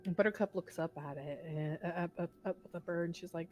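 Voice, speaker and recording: A woman's voice: lowish voice, fast, hardly any pauses, a little mellow, poor audio. A woman playing in a tabletop game, describing her character's actions casually and a little hesitantly. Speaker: player.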